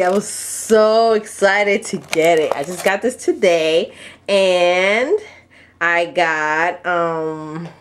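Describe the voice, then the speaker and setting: A woman vlogging an unboxing of a craft kit, gushing with excitement and jumping up into high squeals. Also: a little hiss or hum. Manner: gushing, breathless exclamations, leaps to high squeals.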